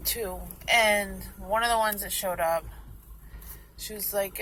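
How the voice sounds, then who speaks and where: A young woman vlogging casually, retelling a story in a chatty, animated way and acting out what people said. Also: medium pitch, slow pace, slight background noise, low-quality recording.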